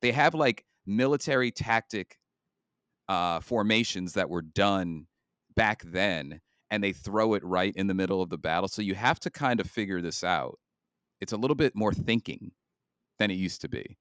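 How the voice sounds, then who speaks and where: A man's voice: low voice, lively intonation, moderate pace, a bit bright, clean tone, no room sound. A man co-hosting a casual gaming podcast, talking at length with many fillers and restarts. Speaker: podcast co-host.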